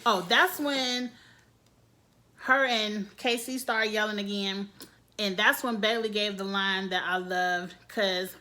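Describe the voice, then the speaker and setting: A woman hosting a casual reality TV recap vlog, talking in an animated, gossipy way and laughing often. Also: medium pitch, takes it slowly.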